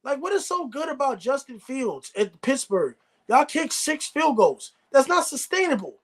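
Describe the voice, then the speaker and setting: A man's voice: very high voice, very animated, normal speed. A man hosting a live sports reaction stream, ranting bluntly and repeating himself. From United States. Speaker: sports show host.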